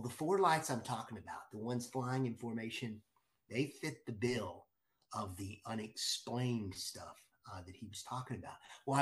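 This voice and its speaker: A middle-aged man in mid-story, talking at a fairly ordinary pitch but stumbling over himself as the excitement builds. He keeps restarting and repeating words. His telling stays animated throughout. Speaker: guest storyteller.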